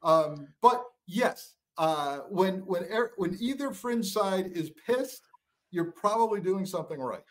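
A middle-aged man with a voice pitched a bit high talks as a political show guest. He drives his points home forcefully and doubles words for emphasis. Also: expressive, unhurried. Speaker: guest, former counterintelligence official. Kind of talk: political talk show commentary.

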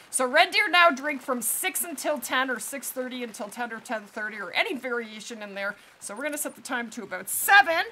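A woman's voice: on the high side, bright, forceful tone, a little hiss or hum. A woman live-streaming a hunting game, bubbly and chatty, laughing often and greeting viewers by name while nursing a back injury.

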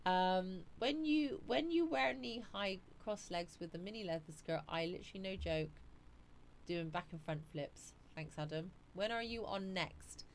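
A woman's voice: mid-range voice, measured pace, slight background noise. A woman hosting a live stream, chatting casually and reading viewer comments aloud.

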